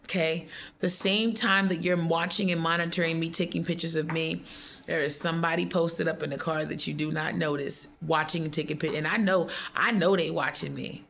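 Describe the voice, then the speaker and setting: A woman's voice: low-pitched, vocal fry, fairly bright tone, a little hiss or hum. A woman speaking straight to her viewers in an impassioned, defiant faith monologue, reciting affirmations one after another. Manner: defiant and declarative, repeating affirmations. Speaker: vlogger.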